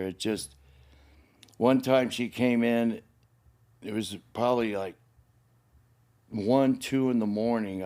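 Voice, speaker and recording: A man's voice: on the low side, darkish tone. An older man from Los Angeles, the host's father, telling painful childhood memories in a rambling, heavily profane way. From Los Angeles, United States. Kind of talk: candid personal storytelling.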